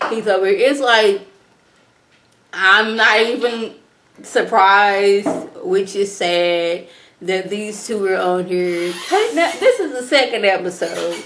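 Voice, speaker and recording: A young woman recapping a reality show in a sassy, animated way, mimicking the people she talks about. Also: medium pitch, slow pace, slight background noise. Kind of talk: casual recap commentary.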